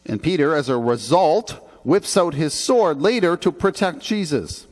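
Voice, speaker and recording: A man delivers a sermon from the pulpit, conversational and earnest, lifting his voice for emphasis. His voice sits a little high for a man. A long reverb from the church sanctuary trails behind every phrase. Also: animated, measured pace. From Canada. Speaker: pastor.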